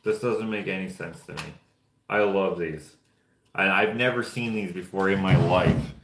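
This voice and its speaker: A man's voice: sits low, normal speed, a bit bright, a little hiss or hum. Rambling young man in an echoey room. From Canada. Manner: rambling, offhand storytelling while painting figures. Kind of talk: casual chat. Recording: roomy echo.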